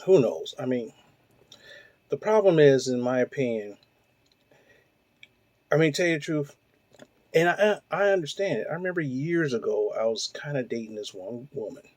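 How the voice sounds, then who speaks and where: A man in his forties rants through a heated, profanity-laced monologue, firing off rhetorical questions. His voice is warm and mellow, with little brightness, and the recording sounds dry and close with no room echo. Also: mid-range voice, moderate pace, pauses often. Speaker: host. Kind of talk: ranting monologue.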